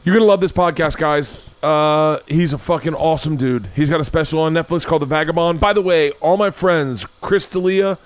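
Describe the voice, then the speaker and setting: Loud, swearing man in his forties hosting. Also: on the high side, a little fast, few pauses. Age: 40s. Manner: loud, swearing, laughing storyteller. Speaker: podcast host. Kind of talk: casual chat.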